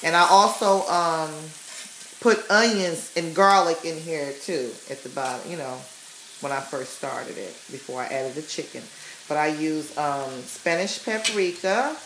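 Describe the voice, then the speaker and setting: Slow-talking chatty woman, roomy kitchen. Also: sits low, fairly bright tone, slight background noise. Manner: chatty, tags sentences with "okay?" and "you guys". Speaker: home cook vlogger. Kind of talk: casual cooking demonstration. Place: home kitchen. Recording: roomy kitchen with faint sizzle. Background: pan sizzling.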